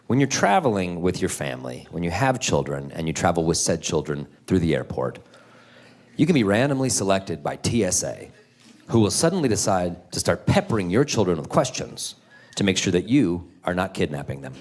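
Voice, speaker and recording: Animated man doing stand-up. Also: a little fast. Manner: animated, jumps into shouted high voices for characters. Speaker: stand-up comedian. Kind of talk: stand-up comedy set. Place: comedy club stage with audience laughter.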